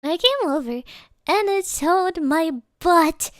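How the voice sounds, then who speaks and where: A woman's voice: very high-pitched, animated, slow, no room sound, studio quality. A woman streamer telling a story in casual late-night chat, rambling with fillers and restarts and slipping into Japanese phrases.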